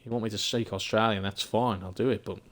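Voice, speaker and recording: A low-pitched man from England gives fast, relaxed, rambling commentary on a live game stream. He thinks aloud as he plays and chuckles now and then.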